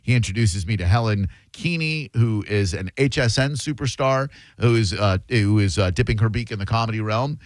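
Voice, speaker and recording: Male radio host, storyteller, lively delivery, dry studio sound. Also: lowish voice, moderate pace, hardly any pauses, dry recording. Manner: animated, does voices in his stories.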